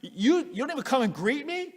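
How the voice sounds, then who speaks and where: A man's voice: very high voice, sing-song, fairly quick, big-room sound, voice pushed up. A man voicing a proud, indignant army commander who rants about being insulted. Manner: boastful, offended ranting.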